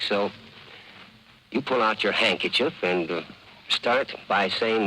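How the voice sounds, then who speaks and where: A man's voice: fairly low pitch, animated, moderate pace, pushed and bright, slight background noise, poor audio. A man telling a long bawdy joke in a drawling, hesitant, conspiratorial manner. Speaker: comic storyteller.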